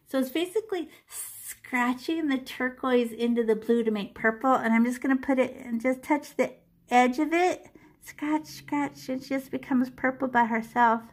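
A woman's voice: high voice, normal speed. A woman art teacher leading a children's painting lesson step by step, chatty and playful, with little sound effects and voices.

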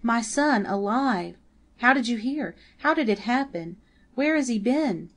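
A woman's voice: fairly high pitch, animated, a little slow, voice pushed up. Desperate mother, breathless and pleading; woman narrator voices her. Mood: overjoyed. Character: frightened mother desperate for news of her son.

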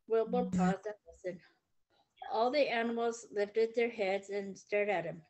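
A woman reading a children's book aloud, with gentle, expressive storytelling. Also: mid-range voice, measured pace, low-quality recording. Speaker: reader.

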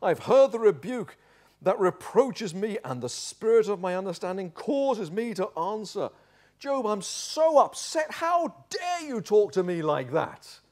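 A man preaching who voices one of Job's accusing friends: higher, louder and mocking, building toward shouting. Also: lively intonation, moderate pace. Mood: mock-wounded. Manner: exasperated, mocking, rising to shouting. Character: indignant male accuser scolding a sufferer.

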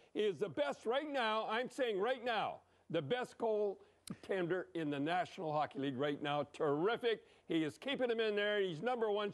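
Older man, high-pitched, blunt and rambling hockey commentator. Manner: blunt, emphatic, rambling, with frequent "eh?". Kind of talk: excited hockey commentary over replays.

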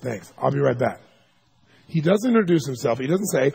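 A man giving a seminar talk, telling stories in an animated way and acting out the people he quotes, sometimes with sudden loud shouts. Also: mid-range voice, moderate pace, vocal fry. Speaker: seminar speaker. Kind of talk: storytelling lecture.

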